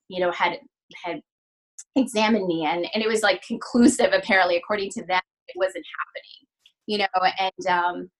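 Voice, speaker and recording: A woman's voice: mid-range voice, low-quality recording. Earnest middle-aged woman telling her story. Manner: earnest, many fillers and restarts, acts out quoted dialogue. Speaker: physical therapist and practice owner, podcast guest. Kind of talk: emotional personal story in a podcast interview.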